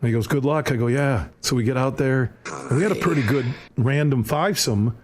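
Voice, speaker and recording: Guy on a podcast telling a big sports story, acts out the other voices, medium pitch. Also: brisk. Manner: lively anecdote-teller, acts out voices. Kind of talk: animated storytelling.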